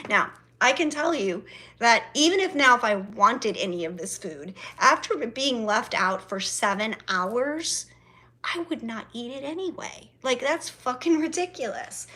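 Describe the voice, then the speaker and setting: A woman's voice: fairly high pitch, animated, a little slow, sharp tone. A woman telling a family story to her viewers in a chatty vlog, swearing freely and acting out both sides of conversations with her mother. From South Florida. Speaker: vlogger. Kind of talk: casual storytelling to camera.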